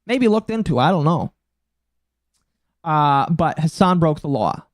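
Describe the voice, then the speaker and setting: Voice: medium pitch, expressive, measured pace, no room sound. Mid-twenties streamer, blunt, swears a lot, mocking, dry close sound. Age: mid-20s. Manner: blunt, profane and mocking, rising to indignant outbursts. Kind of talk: casual live-stream commentary.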